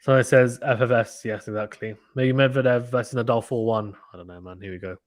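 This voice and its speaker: A man hosting a live tennis watchalong stream, calling play-by-play with animated reactions and reading chat messages. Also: lowish voice. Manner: fast, animated play-by-play, reads chat aloud. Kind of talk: excited casual live commentary.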